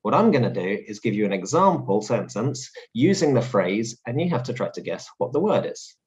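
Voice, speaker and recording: A man hosts a lesson, explaining words clearly and cheerfully. His voice rises and falls in a very lively way. The recording sounds a little dull and lo-fi. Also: lowish voice, moderate pace. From London. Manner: clear, explanatory, upbeat teaching tone. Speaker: English teacher host. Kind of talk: English vocabulary lesson.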